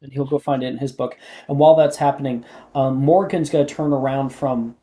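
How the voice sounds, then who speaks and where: Mid-pitched game master, casual and filler-heavy. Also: fairly even intonation, fairly quick, mellow. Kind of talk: running a tabletop game.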